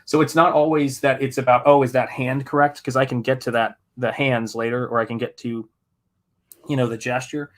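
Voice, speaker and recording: A man's voice: medium pitch, flat delivery, fairly quick. American man chatting as he paints. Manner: rambling, thinking aloud, restarts mid-thought. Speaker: artist live-streaming while painting. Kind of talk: casual chat while working.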